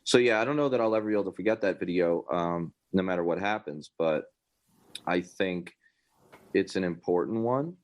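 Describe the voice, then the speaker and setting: A man's voice: deep voice, normal speed. A man hosting a podcast, giving opinionated, rambling political commentary with sarcastic asides. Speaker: podcast host.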